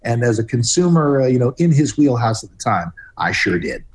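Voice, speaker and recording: A man in a casual podcast conversation, speaking passionately and rambling a bit as he searches for words. His voice sits at an ordinary middle pitch. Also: big pitch swings, a little fast. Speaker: podcast guest or co-host. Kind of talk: casual music discussion.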